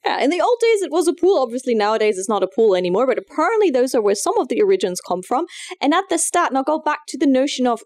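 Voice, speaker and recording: A woman's voice: on the high side, very animated, fast, a little mellow, no room sound, clean studio sound. Upbeat German-accented woman podcaster. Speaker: podcast co-host. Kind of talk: casual podcast chat.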